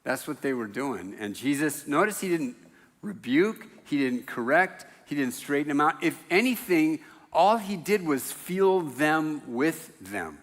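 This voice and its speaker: A man's voice: on the high side, sing-song, unhurried, long reverb tail. A man preaching a sermon in a church, talking in a loose, conversational way with self-deprecating jokes. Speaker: pastor. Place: church sanctuary.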